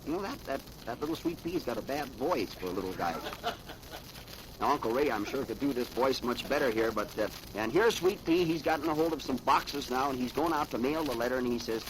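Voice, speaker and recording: A man's voice: mid-range voice, a little fast. A middle-aged man, a mayor, reading comic strips aloud to children over the radio in a chatty, chuckling way with rambling asides. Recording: hissy 1930s radio archive recording.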